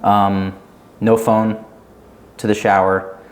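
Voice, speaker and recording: Taking his time, a young male podcast guest talks in a lowish voice with a level tone. He's casual and rambling, leaning heavily on "like" as a filler.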